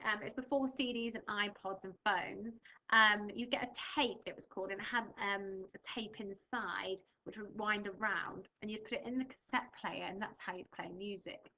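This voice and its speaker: A woman's voice: medium pitch, sharp tone, highs cut off. A young English woman teaching a primary school reading lesson, patiently explaining words and reading a storybook aloud with expression. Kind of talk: recorded remote reading lesson.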